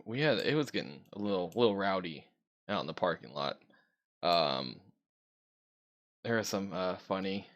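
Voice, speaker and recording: A man co-hosting a casual podcast, easygoing and rambling with lots of fillers. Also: on the low side. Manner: easygoing, rambling with many fillers, soft laughs. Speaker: podcast co-host. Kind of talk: casual chat.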